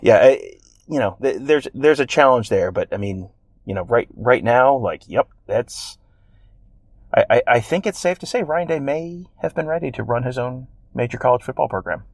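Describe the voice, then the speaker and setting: A man's voice: medium pitch, lively intonation, normal speed, no room sound. A man co-hosting a sports podcast in casual, rambling chat with wry self-deprecating jokes. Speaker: podcast co-host.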